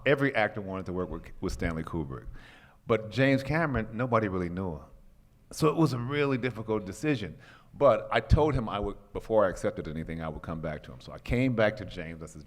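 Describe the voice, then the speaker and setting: A man from Chicago in his sixties, an actor telling a lively anecdote on a panel and quoting the people in it. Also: low-pitched. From Chicago, USA. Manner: animated storyteller, quotes others, clears throat. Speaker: actor guest at convention panel. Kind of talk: storytelling anecdote. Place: convention hall. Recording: hall reverb.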